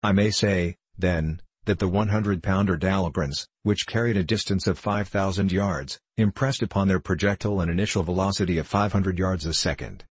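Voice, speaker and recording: A man's voice: low voice, normal speed, few pauses, breathy edge, dry recording. A man voicing a veteran male army general who reports facts and figures plainly. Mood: matter-of-fact.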